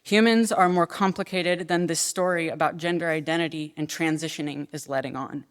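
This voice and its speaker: A woman in her twenties giving formal testimony at a hearing, earnest and measured, then answering questions with some hesitation. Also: deep voice. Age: 20s. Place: legislative hearing room. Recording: long reverb of a hearing room.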